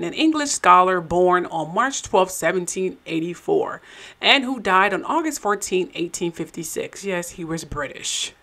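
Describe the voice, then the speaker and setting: A woman's voice: mid-range voice, fairly bright tone. A woman hosting and narrating a commentary show, with sarcastic, skeptical asides. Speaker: show host.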